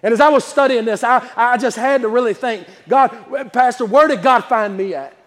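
A pastor preaching a sermon in a church, with impassioned delivery that swells into shouts. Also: male voice, very high voice, a little fast, big-room sound. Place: church sanctuary.

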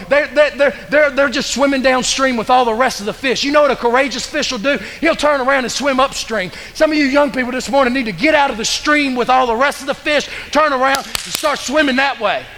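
A man's voice: very high-pitched, a little fast, gravelly, few pauses, sharp tone, big-room sound. A man preaching a fervent sermon as pastor, pressing the congregation with repeated questions. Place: church sanctuary.

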